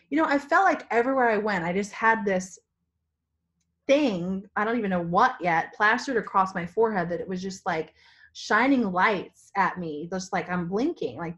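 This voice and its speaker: A woman from Virginia with a hoarse, partly lost voice, giving a spontaneous, rambling pep talk to her sales team from a family home. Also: mid-range voice, lively intonation, moderate pace, a bit bright. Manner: enthusiastic, rambling, full of restarts. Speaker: direct-sales team leader. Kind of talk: spontaneous motivational vlog.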